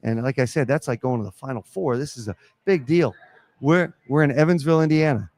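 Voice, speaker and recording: A man who coaches college basketball, telling lively stories in a live podcast interview at a pizza restaurant. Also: medium pitch, fairly quick, dry recording. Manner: animated storyteller acting out quotes.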